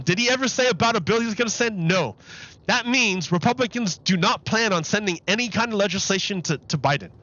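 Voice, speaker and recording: A man's voice: sits high, sharp tone, dull audio. A man live-streaming commentary on a political interview, exasperated and repeating his questions over the clip.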